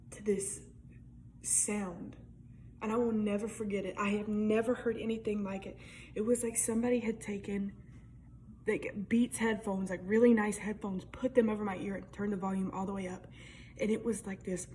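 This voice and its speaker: A woman's voice: medium pitch, darkish tone, a little hiss or hum. A young woman telling a personal story in a casual, chatty way, full of "like", with whispered asides and free swearing.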